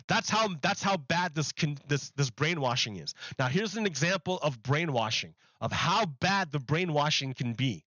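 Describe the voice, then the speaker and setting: Host: high bright male voice, profane sarcastic ranting, dull dry mic. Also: lively intonation, unhurried, no echo. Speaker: streamer host. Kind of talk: ranting commentary over clips.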